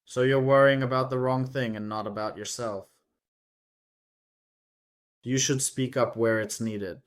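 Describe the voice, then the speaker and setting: A man's voice: mid-range voice, steady tone, unhurried, smooth. Chatty man vlogging from a truck cab. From Ukraine. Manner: rambling, chatty, addresses viewers as friends. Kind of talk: casual chat while driving.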